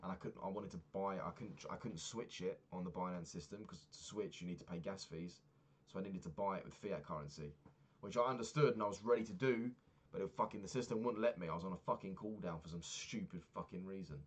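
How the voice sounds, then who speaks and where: A man's voice: low voice, quick pace, slightly rough. A man talking through his week in a casual diary vlog, rambling and swearing freely as he rants. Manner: rambling, profane ranting. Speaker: vlogger.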